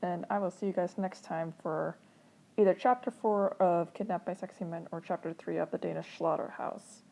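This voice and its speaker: Low, gravelly young woman with sarcastic asides. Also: fairly even intonation, normal speed, dark tone. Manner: sarcastic, wry asides, laughs at the text. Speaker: reader, channel host. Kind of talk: fan fiction reading with sarcastic commentary.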